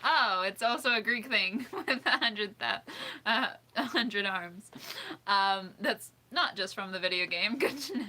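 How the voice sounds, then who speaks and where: A woman's voice: medium pitch, measured pace, sharp tone. A woman hosting a casual livestream, reading out suggestions, giggling often and thinking aloud as she second-guesses pronunciations. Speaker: livestream host.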